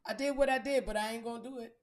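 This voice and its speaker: Blunt, high-voiced woman in an echoey room. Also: steady tone, very fast. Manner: blunt, profane, emphatic. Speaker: podcast host. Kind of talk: candid storytelling monologue.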